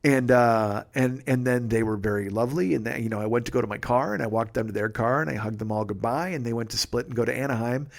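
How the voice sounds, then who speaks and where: A man's voice: medium pitch, quick pace, creaky, hardly any pauses. A man, a comedian telling a profane, rambling story on his podcast and often cutting himself off mid-sentence. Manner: profane, rambling, self-interrupting. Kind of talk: casual storytelling monologue.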